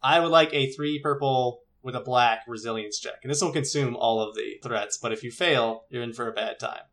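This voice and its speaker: A woman's voice: rumbling low, normal speed. Chatty woman running a tabletop game. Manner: loose, chatty, many fillers. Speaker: game master.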